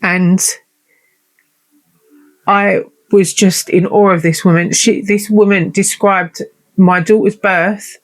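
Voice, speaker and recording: A woman's voice: medium pitch, fairly even intonation, slow, pauses often. A woman hosting her own show, telling a personal story in a heartfelt, emotional and chatty way. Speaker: podcast host.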